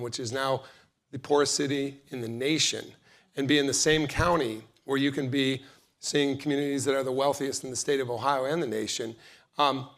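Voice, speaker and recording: Earnest man speaking on a panel. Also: medium pitch. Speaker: county executive. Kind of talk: panel remarks. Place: large event hall.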